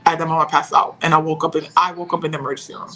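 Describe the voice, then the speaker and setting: A young woman telling a painful personal story as a podcast guest, pausing and searching for her words. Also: sits low, flat delivery, fairly bright tone, soft background music, rough recording.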